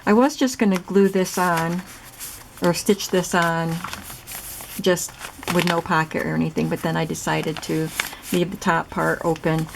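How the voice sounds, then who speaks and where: Woman host, low gravelly voice, chatty step-by-step craft demo; noisy track with clicks. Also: steady tone, a little slow. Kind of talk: casual crafting demonstration.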